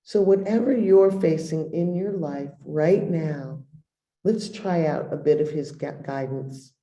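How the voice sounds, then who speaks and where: Slow, mellow woman guiding meditation. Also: sits low. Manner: soft, unhurried guiding with long pauses. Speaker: meditation teacher. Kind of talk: dharma talk with guided meditation. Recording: roomy echo.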